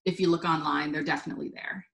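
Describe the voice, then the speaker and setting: A woman's voice: low voice, steady tone, fast talker, gravelly, fairly bright tone. A woman teaching a live online wine tasting, chatty and upbeat. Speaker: wine instructor. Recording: roomy echo.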